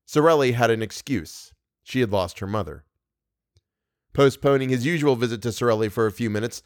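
A man reads a classic novel aloud in a steady, measured way, his voice in the middle range for a man. The recording is dry and close, with no room around it. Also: medium pitch, no echo. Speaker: audiobook narrator. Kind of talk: scripted narration.

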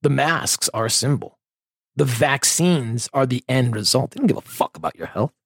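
A man's voice: medium pitch, normal speed, vocal fry, slightly rough, no room sound, studio quality. A man hosting a podcast, ranting with constant swearing and sarcasm. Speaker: podcast host. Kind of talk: profane ranting commentary.

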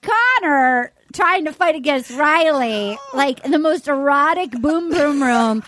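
A woman's voice: high voice, measured pace. A woman hosting a casual chat, recapping a reality show and acting out quotes with lots of laughter. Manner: animated, laughing, acts out quotes. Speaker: podcast host.

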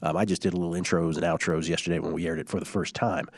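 This sports betting show host has a low, gravelly voice and a flat delivery, recorded dry with clean studio sound. Moving quickly and loosely, he reads out listener tweets between casual chatter, humming fillers and restarting his sentences.

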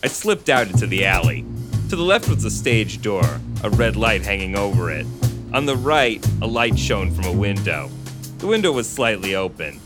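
A man's voice: lowish voice, normal speed, loud music behind the voice. A man co-hosting a podcast who reads a story aloud and chats casually, laughing often. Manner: animated, laughs often while reading. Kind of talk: casual chat and story reading.

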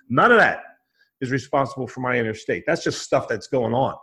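A man's voice: medium pitch, expressive, fairly quick, vocal fry, bright, forceful tone. A man explaining a mindset method in an emphatic, conversational way, often acting out his own inner voice and checking in with "right?". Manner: emphatic, repetitive, acts out his own thoughts in quotes; frequent restarts and "right?" tags.

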